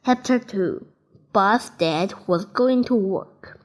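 A woman reading a children's picture book aloud, taking each phrase very slowly. Her voice sits a little above the usual for a woman. She sounds steady and careful. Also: on the high side. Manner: slow, deliberate reading. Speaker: storybook reader. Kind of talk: children's storybook read-aloud.

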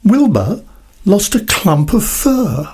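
A woman reading a children's picture book aloud with gentle, expressive storytelling. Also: mid-range voice, takes it slowly, noisy background. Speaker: storybook narrator.

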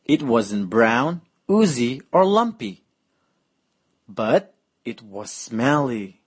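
A woman reading a children's picture book aloud in a slow, playful, exaggerated way. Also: a bass voice, very animated, slightly rough. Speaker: storyteller.

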